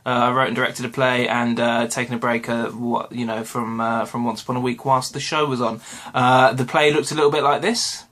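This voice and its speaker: A man's voice: medium pitch, little pitch movement, fairly quick, a bit bright. A British man reviewing a TV episode in a casual vlog at home, rambling and correcting himself with lots of ums and uhs. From Britain. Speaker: vlogger. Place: home room with washing hung behind.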